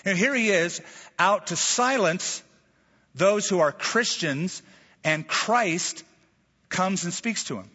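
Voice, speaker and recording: A man's voice: sits high, animated, takes it slowly, sharp tone, breathy edge. A man preaching a sermon from America, telling stories with animation and acting out quoted voices. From United States. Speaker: pastor. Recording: dull, reverberant hall sound.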